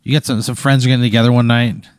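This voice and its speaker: A man casually spinning an improvised hypothetical story for his co-host, with deadpan asides. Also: medium pitch, very fast, clean tone, dry recording, clean studio sound.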